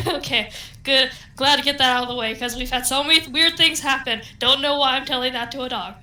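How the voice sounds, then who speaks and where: A young woman playing a tabletop game, excitable and giggly, gushing and reacting eagerly. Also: high-pitched, background noise. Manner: excitable, giggly, quick to gush. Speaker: player.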